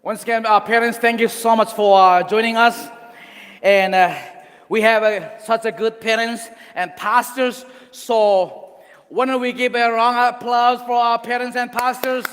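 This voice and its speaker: A man's voice: very high voice, steady tone, a little slow, fairly bright tone. A man giving an earnest, exhorting youth sermon at a church conference, recorded with hall reverb. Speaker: youth speaker.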